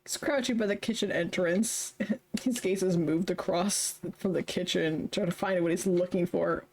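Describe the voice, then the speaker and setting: A young woman streamer reading a story game aloud, chatty and quick to laugh between lines. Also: fairly low pitch, a little mellow. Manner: chatty, laughs often, reads narration then comments. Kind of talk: reading a visual novel aloud with commentary.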